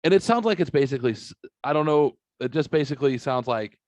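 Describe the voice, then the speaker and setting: A man's voice: medium pitch, quick pace, dry recording, highs cut off. A middle-aged man hosting a podcast, telling a long profane story and quoting the people in it. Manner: profane, animated retelling with quoted voices. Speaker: podcast host. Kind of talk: casual storytelling chat.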